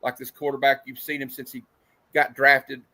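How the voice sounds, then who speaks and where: A man's voice: mid-range voice, level tone, moderate pace, pushed and bright. A man co-hosting a casual bad-movie review show, sarcastic and given to long rambling analogies. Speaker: podcast co-host.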